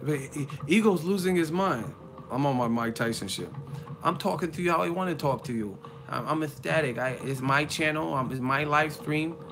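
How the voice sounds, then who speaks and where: A man hosting a boxing live stream, mocking viewers in a profane, fast-riffing rant. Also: fairly high pitch, animated, noisy background.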